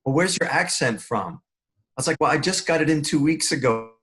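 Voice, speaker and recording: A man's voice: fairly high pitch, fairly quick, a bit bright. An older man from the Bronx with a New York accent, a podcast guest who talks in a playful, joking way and laughs often. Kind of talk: casual interview chat.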